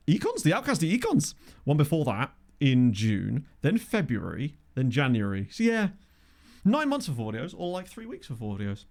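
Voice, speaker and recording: A man's voice: fairly high pitch, darkish tone. Chatty man streaming a game. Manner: chatty, reads chat aloud, laughs often. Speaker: streamer playing a football management game. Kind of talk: casual live-stream commentary.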